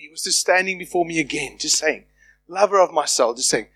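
A man preaching a sermon, animated and playful, acting out quoted voices as he goes. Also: high voice, a little fast, dry recording. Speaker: pastor.

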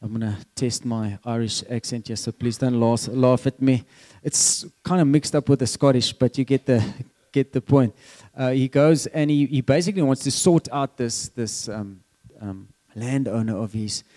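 A man's voice: medium pitch, normal speed, warm tone. A man with a South African accent preaching a conversational sermon, quizzing the congregation as he goes.

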